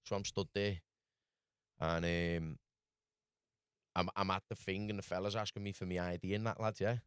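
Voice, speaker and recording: Rambling Scouse lad telling a story. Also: male voice, low-pitched, little pitch movement, normal speed, clear, resonant tone, no echo, studio quality. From Liverpool, England. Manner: rambling, full of "lad" and "do you know what I mean". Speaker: guest. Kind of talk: casual storytelling.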